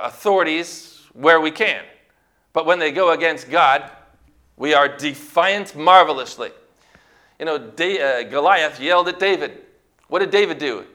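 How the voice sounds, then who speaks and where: A man's voice: on the high side, bright, forceful tone. A man preaching a sermon, emphatic and full of rhetorical questions to his congregation.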